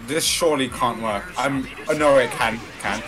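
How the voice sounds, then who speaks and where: A man playing a fighting game with a friend, swearing, gloating and shouting excitedly in casual chat. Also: medium pitch, moderate pace. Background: game music.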